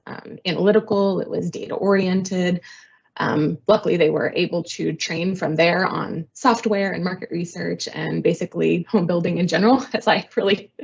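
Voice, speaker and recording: On slightly dull lo-fi audio, a guest on an interview show, a woman in her thirties, walks through her career with plenty of ums. Her fairly low voice is gravelly and husky, and her manner is chatty and self-deprecating.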